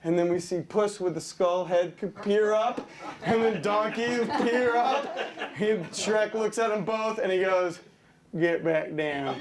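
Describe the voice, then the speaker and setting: A man pitching storyboards, playfully narrating the scene out loud and acting it out. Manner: playful, laughing, acts out the scene.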